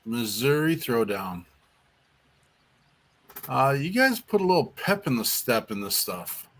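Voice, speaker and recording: A man's voice: mid-range voice, sing-song, measured pace, a bit bright. A musician guest, a man, chatting casually on a podcast and telling a story with stutters, restarts and filler words.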